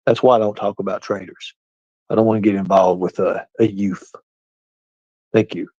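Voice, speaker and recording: On a casual livestream, a man rants and argues straight back at his chat, combative and confrontational. His voice is on the low side and darkish, with a steady tone and moderate pace. The stream audio is dull, lo-fi and dry.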